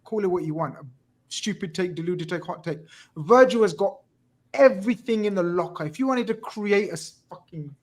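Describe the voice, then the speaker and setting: A middle-aged man chatting casually about football as a podcast host, animated and emphatic, swearing often. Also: sits high, moderate pace.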